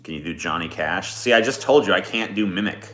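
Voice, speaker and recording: A man's voice: deep voice, animated, brisk, a bit bright. A man hosting a casual livestream, laid-back and swearing often as he answers chat requests. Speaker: livestream host. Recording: echoey room with music behind.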